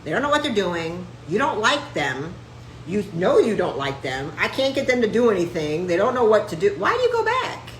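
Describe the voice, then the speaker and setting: A woman talks sarcastically and with plenty of attitude to her live-stream viewers, her high voice swinging up and down. The sound has a roomy echo. A faint noise hum sits underneath. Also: moderate pace. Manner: brash, sarcastic, animated. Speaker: host; chiropractor.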